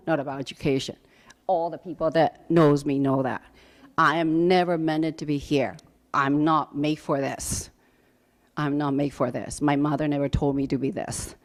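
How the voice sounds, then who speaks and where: A mother giving an emotional, halting public comment at a school board meeting, pleading with the board. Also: sits low, a little mellow. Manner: pleading, halting, restarts often.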